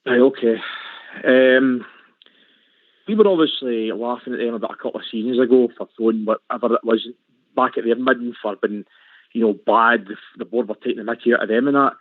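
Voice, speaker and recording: A man's voice: mid-range voice, fairly quick, no echo. A Scottish man calling in to a radio show, frustrated and saying aye a lot. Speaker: caller. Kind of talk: phone-in call. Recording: tinny phone line.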